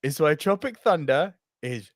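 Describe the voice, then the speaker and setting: Animated, swearing man. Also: a little high, unhurried, no room sound. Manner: animated, swears a lot, acts out film quotes. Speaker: podcast co-host. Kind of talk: excited casual chat.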